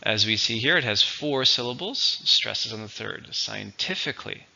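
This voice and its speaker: Guy teaching vocab, bright sharp tone, kinda muffled lo-fi sound, careful and slow. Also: mid-range voice, expressive, creaky. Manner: slow, deliberate, spells out stress patterns. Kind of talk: recorded vocabulary lesson and dictation.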